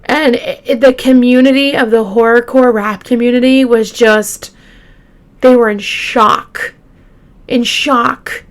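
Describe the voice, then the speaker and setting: A woman hosting a true crime show, retelling a case casually with halting fillers and restarts, openly shaken by the grim details. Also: a little high, steady tone. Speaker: true crime podcast host.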